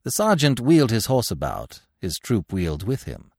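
Male audiobook narrator, low and expressive. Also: slightly rough, dry recording, studio quality. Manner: measured, expressive reading.

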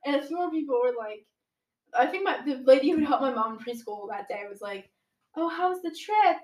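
A woman's voice: high voice, brisk, reverberant, rough recording. A teenage girl telling a dramatic story from her own life in casual chat, full of "like"s and acted-out quotes. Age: teens. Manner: animated, dramatic retelling with many "like"s.

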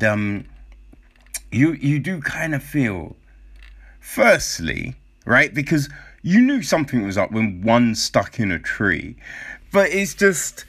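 Man, casual commentary, lively pitch swings, unhurried, profane and full of rhetorical questions. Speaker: commentator reacting to a documentary.

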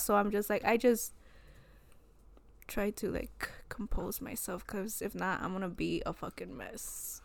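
A young woman co-hosting a podcast, chatting casually, excitable and giggly with lots of fillers. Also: medium pitch, a little slow, gravelly, no room sound. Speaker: podcast co-host. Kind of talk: casual chat.

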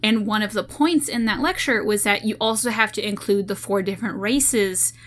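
A woman's voice: mid-range voice, moderate pace. A woman with a slight Southern US accent co-hosting a podcast in casual chat, rambling with frequent restarts. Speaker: podcast co-host.

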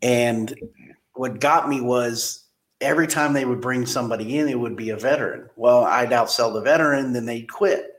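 A man with an even, mid-pitched voice tells stories from his car sales days in a relaxed interview. He rambles, repeats words and gets animated in the retelling. A roomy echo hangs around his voice. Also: normal speed. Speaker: car dealership general manager. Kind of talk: casual interview storytelling.

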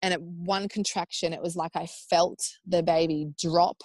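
A woman's voice: fairly low pitch, moderate pace, husky, dry recording. Chatty Australian woman, dry close sound. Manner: animated, acts out quoted speech in raised voices; chatty with frequent fillers like "like" and "um". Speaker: podcast guest. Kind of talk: casual chat, personal storytelling.

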